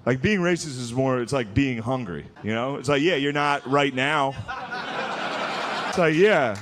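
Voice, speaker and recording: A man's voice: medium pitch, expressive, a little slow, a bit bright. A man doing a crude, casual stand-up comedy set, peppering his lines with "dude".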